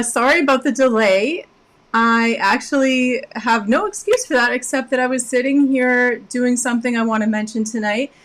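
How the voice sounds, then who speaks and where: A woman hosting her own animal communication channel, chatting casually on a live stream in a rambling, apologetic way with many fillers and restarts. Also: a little high.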